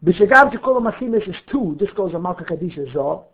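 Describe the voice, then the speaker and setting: A man's voice: sits high, lively intonation, quick pace. A man teaching a Torah class, reading Hebrew text and explaining it line by line with questions and answers. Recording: phone-like narrow audio.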